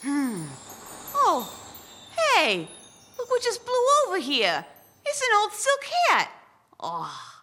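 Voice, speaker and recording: A woman's voice: high voice, wildly swooping pitch, slow pace, long pauses, sharp tone, a little hiss or hum, exaggerated voice. A woman playing a goofy woman building a snowman, rambling and laughing at her own jokes in a comic radio sketch. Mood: playful.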